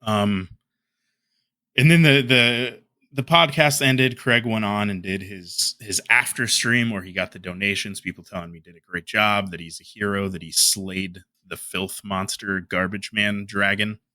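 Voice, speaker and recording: A man's voice: on the low side, unhurried, pushed and bright, no room sound. A man delivering heated commentary as a YouTuber, ranting and trading insults.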